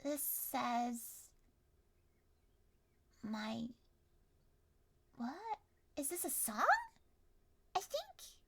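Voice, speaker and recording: A young woman running a tabletop story game as game master, animated and quick to yell and laugh. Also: on the high side, vocal fry, a little hiss or hum. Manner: animated, bursts into yelling and laughter.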